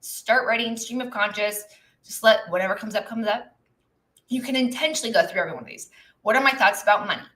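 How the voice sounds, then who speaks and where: Bright-voiced woman coaching on a live stream. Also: medium pitch, quick pace, poor audio. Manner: chatty, reflective, many fillers and asides. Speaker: business coach. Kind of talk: live-stream teaching talk. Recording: live online broadcast.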